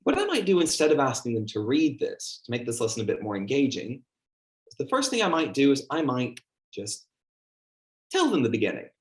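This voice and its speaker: A man's voice: mid-range voice, wildly swooping pitch, a little fast. A man giving a teacher training workshop, speaking conversationally and acting out the questions he asks his class. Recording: echoey room.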